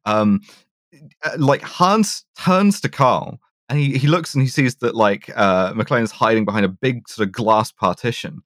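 A man talks through a film's plot in a loose, sweary podcast chat, going scene by scene and often restarting mid-sentence. His voice is of middling pitch. It sounds close and dry, with almost no room. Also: unhurried, dry recording. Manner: sweary, retells scenes step by step with many restarts. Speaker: podcast co-host. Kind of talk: casual film recap chat.

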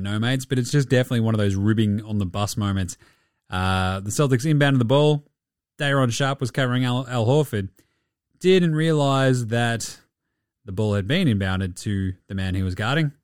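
A man's voice: fairly low pitch, dry recording, studio quality. A man hosting a casual basketball show, swearing freely and reeling off stats with jokes. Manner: sweary, joking, rapid-fire stats. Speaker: basketball podcast host. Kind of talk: casual sports commentary.

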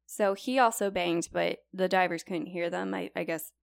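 A young woman retells a true story to her co-host in a loose, chatty way, sprinkling in likes and you-knows. Her voice has a gravelly, fry-tinged texture. The recording is dry and close. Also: on the low side, moderate pace, no echo. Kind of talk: casual storytelling chat.

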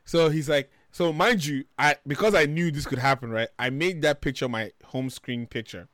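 A man from Nigeria, telling stories in a casual, animated way, swearing freely and getting loud when he retells arguments. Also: on the high side, normal speed, no room sound, clean studio sound. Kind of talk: casual storytelling chat.

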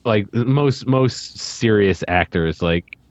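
A man co-hosting a podcast in relaxed, profane, filler-heavy chat. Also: on the low side, slow pace, no room sound, lo-fi sound. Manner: laid-back, swearing, filler-heavy. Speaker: podcast co-host and guest. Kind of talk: casual podcast banter.

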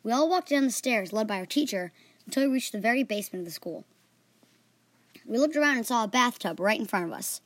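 Brief: girl podcast storyteller, earnest, slightly high voice, dry close sound. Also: fast, dry recording. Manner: earnest, animated reading with small slips.

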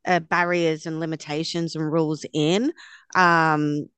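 A woman's voice: deep voice, little pitch movement, unhurried, a bit bright, clean tone, no echo. A middle-aged woman as guest co-host on a podcast, talking earnestly with firm opinions. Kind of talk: casual podcast chat.

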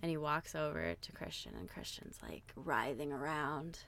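A young woman with a notably low-pitched voice talks through a film's story in a relaxed podcast chat. She fills her sentences with "like" and lets the odd swear word slip as she builds the tension. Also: moderate pace, creaky. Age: young adult. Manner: animated storyteller, frequent "like", swearing. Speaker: podcast co-host. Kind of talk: casual chat, retelling a film plot.

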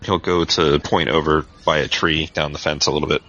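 A man's voice: extremely low pitch, little pitch movement, brisk, pushed and bright. A man narrating a tabletop game as game master, describing the scene casually with lots of fillers. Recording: dull lo-fi podcast audio.

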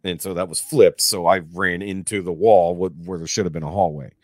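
Man, low voice, casual profane storyteller, dry close sound. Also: fairly quick, no room sound. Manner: profane, animated retelling with acted-out quotes. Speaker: podcast guest.

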